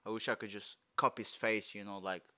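A man's voice: lowish voice, a little fast, very noisy. A young man reacting to a movie trailer in loose, slangy, rambling chat. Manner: excitable, slangy, rambling, bursts into shouts and laughs. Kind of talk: casual reaction commentary.

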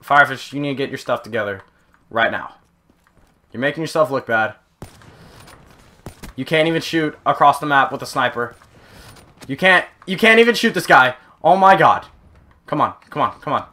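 A young man commenting over his own gameplay, excitable and often yelping and exclaiming. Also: mid-range voice, normal speed, long pauses. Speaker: gaming channel host.

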